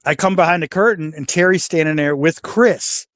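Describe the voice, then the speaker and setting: A man's voice: on the high side, moderate pace, no room sound, studio quality. A man, a retired pro wrestler and interview guest, telling stories in casual talk and acting out the voices of the people he quotes. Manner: animated storyteller, voices the people he quotes, swears freely.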